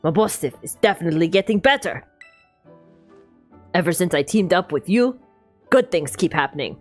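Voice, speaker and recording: Woman putting on a russian-accented teen boy gushing over his dog, bouncy lively voice, exclamatory. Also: fairly low pitch, normal speed, faint music behind. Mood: doting. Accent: put-on Russian. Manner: affectionate, exclamatory. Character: cheerful teenage boy doting on his sick dog.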